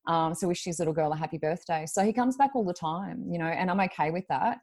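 A woman with a notably low voice, telling a story as a podcast guest. She rambles casually and packs her talk with fillers. Her tone is easygoing and conversational. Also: animated, fast talker, a little mellow. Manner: chatty, rambling, full of "like" and "um". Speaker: guest medium.

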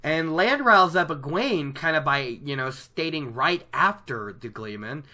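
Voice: mid-range voice, lively intonation, a little slow, bright, forceful tone. A speaker casually recapping a book chapter from home, chatty and rambling, often correcting themselves mid-sentence. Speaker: book reader discussing a chapter. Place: at home by a laptop.

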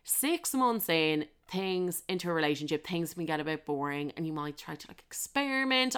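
A young woman spins a cheeky, swear-filled tale from her own life, laughing at herself as she goes. Her voice sits fairly low for a woman, and it comes through smooth and clear. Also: fairly bright tone. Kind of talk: frank comic storytelling.

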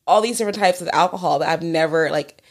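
Rambling young woman with a lower voice. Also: fast, slightly rough. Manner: rambling, filler-heavy, giggly storyteller. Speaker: podcast co-host. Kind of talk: casual chat.

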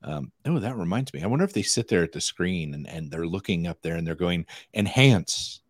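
A man's voice: low-pitched, animated, fast talker, slightly rough, no echo, clean studio sound. A man co-hosting a podcast in casual chat, telling stories animatedly and acting out quoted dialogue. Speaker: podcast co-host.

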